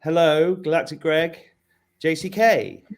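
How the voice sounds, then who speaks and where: A man's voice: a little high, unhurried. A man hosting a casual live-streamed chat, joking and playful with his guests over a video call. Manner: playful, jokey, animated. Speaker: host.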